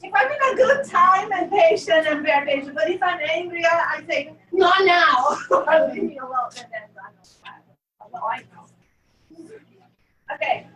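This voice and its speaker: A woman's voice: extremely high pitch, lively intonation, a little slow, pauses often, a bit bright. A woman presenting at a conference for parents, talking casually to the audience, chatty and laughing often at herself. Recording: echoey hall, mic far off, faint noise.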